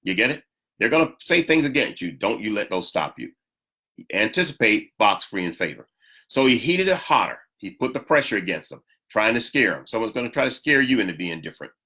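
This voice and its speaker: Bright-voiced preacher man, emphatic delivery. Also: very animated, fairly quick. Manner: emphatic preaching with sudden jumps in pitch and repeated lines for the congregation. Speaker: pastor. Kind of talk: sermon.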